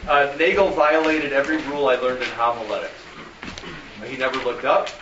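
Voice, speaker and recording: A man's voice: mid-range voice, steady tone, a little fast. Man, rambling storyteller, pastor, far from mic, dull noisy roomy recording. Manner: rambling, repeats words, storytelling. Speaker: pastor and show host. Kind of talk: casual chat.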